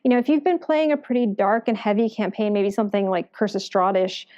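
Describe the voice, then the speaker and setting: A woman psychologist hosting an educational talk, speaking in an earnest, gentle, advising way. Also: medium pitch, a little fast, muffled recording. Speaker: psychologist and show host.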